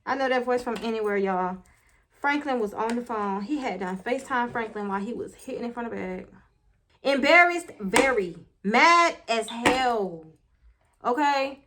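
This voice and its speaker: High bright-voiced woman telling a story. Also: normal speed, a little hiss or hum. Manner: animated, laughs often, talks straight to viewers. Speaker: storyteller vlogger. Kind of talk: casual storytime while doing makeup.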